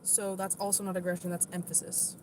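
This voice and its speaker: A woman's voice: lowish voice, level tone, brisk, noisy background. Blunt young woman chatting on a live stream. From southern United States. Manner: blunt, defensive, says "like" a lot. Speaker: livestreamer. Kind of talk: casual live-stream chat.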